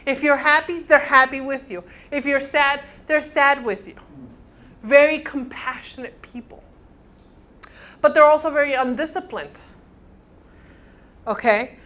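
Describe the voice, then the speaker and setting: A woman lecturing a counseling class, animated, acting out little dialogues and often checking in with her listeners. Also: high voice, measured pace, pauses often. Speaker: counseling instructor.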